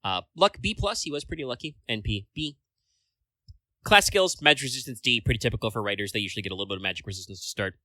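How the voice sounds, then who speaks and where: A man's voice: fairly low pitch, fairly even intonation, very fast, hardly any pauses, sharp tone, dry recording. A man co-hosting a casual podcast chat, rambling along with lots of filler words and casual swearing. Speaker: podcast co-host.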